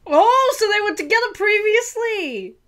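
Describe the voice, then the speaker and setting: A young woman with a high, bright-sounding voice hosts a reaction video. She gushes and chats in an excited, emotional way, laughing and tearing up easily as she comments. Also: normal speed.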